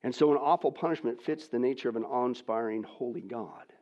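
A man preaching a sermon, swinging between hushed, near-whispered lines and loud, emphatic ones, and asking the audience rhetorical questions. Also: mid-range voice, brisk. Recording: dull lo-fi recording.

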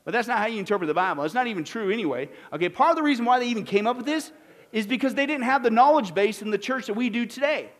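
Male preacher, high voice, emphatic Bible teaching with questions to the crowd. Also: animated, racing. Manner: emphatic, asks the audience questions. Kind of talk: sermon-style Bible teaching.

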